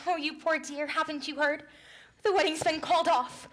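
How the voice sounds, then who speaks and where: A woman's voice: sits high, steady tone, normal speed, a bit bright, slight background noise. A young woman in a school musical playing a dramatic, gushing starlet bride. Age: young adult. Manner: theatrical, gushing. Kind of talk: high school musical stage acting.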